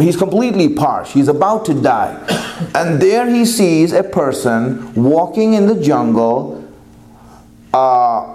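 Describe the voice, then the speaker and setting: A man's voice: mid-range voice, mellow, echoey room. A man giving a sermon, telling a parable and acting out its dialogue before building to emphatic exhortation. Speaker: preacher.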